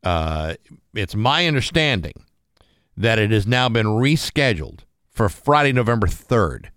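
Halting man on morning radio. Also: on the low side, sing-song, a bit bright, clear, resonant tone, no room sound, clean studio sound. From New England. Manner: halting, full of ums and restarts. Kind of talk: casual radio banter.

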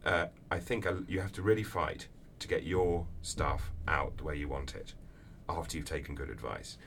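A man answering interview questions as an author, telling lively anecdotes with acted-out voices. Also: a bass voice, normal speed. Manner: animated storyteller, acts out voices in anecdotes. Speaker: author guest. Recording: distant mic with faint background noise.

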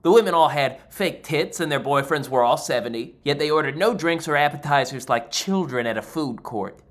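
A man telling a stand-up comedy story, animated and exasperated with deadpan asides. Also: fairly high pitch, normal speed.

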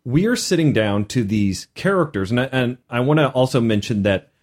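A man co-hosting a podcast, talking casually as a game master and retelling a session in an animated way. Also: medium pitch, moderate pace. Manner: animated storytelling.

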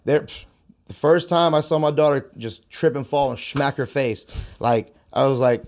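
A man's voice: mid-range voice, normal speed, a little mellow. Young guy who teaches martial arts, just chatting, open and candid, keeps repeating himself as he tells stories. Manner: candid, storytelling, repeats phrases. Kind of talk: casual podcast conversation.

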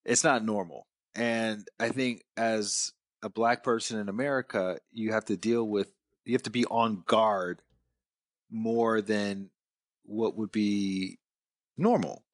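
A man's voice: on the low side, a bit bright, dry recording. A man hosting a conversation, explaining his view thoughtfully with everyday examples. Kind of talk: casual conversation.

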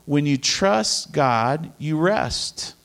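Middle-aged man, bible teaching, earnest and chatty, repeats key lines, slightly high voice. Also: animated, extremely slow, vocal fry, a bit bright. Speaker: preacher.

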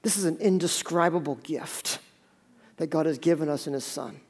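A man preaching a sermon as pastor, telling a story with sudden loud peaks and hushed stretches, often restarting his words. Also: fairly high pitch, normal speed, breathy edge. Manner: storytelling, swinging from loud urgent peaks to hushed near-whispers.

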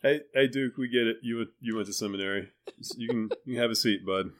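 A man's voice: mid-range voice, fast. Dry-joking male podcast host. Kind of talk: casual chat.

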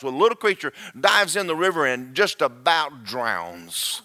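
Male preacher, sermon storytelling, high bright voice, quick and animated. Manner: fast, animated, rising to shouting praise.

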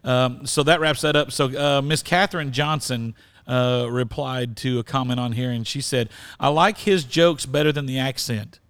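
A man's voice: medium pitch, moderate pace, fairly bright tone, clear, resonant tone, no echo. A man hosting a church podcast in casual, joking chat and often laughing. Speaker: podcast host.

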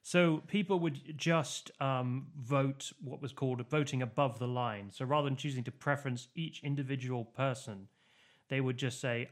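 A man co-hosting a chatty politics podcast, speaking at a middle pitch. He explains at length, circling back with fillers and false starts. The talk stays casual and unscripted. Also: steady tone, moderate pace. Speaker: podcast co-host.

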